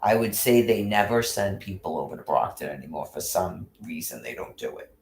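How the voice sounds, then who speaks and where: A man's voice: low voice, animated, a little fast, vocal fry, slight background noise. A man ranting angrily and rambling, full of profanity and restarts. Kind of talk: casual rant. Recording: roomy echo.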